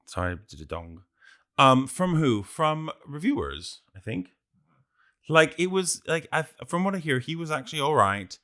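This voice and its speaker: Bright-voiced easygoing man, non-native speaker. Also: fairly high pitch, very animated, normal speed. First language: not English. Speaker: podcast co-host. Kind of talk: tipsy casual chat.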